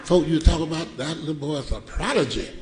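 A middle-aged man preaching a sermon, telling a comic story in a folksy, animated way with loud bursts. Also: fairly high pitch, fairly quick, roomy sound, heavy background noise. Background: congregation laughing.

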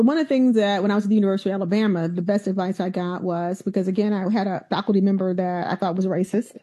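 A middle-aged woman, a university president, telling stories in an animated, emphatic way in a conversational interview. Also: medium pitch. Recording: dull lo-fi sound.

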